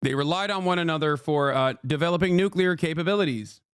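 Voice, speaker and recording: A man's voice: on the high side, fast, fairly bright tone, smooth, dry recording, clean studio sound. A man streaming live, commenting on clips in a rambling, emphatic way and talking to his chat.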